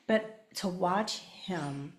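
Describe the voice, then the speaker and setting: A woman's voice: on the low side, extremely slow, echoey room. An older woman, a guest specialist, telling personal stories in casual conversation and acting out the voices of people she quotes. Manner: animated, acts out quoted voices. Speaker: guest, child mental health specialist.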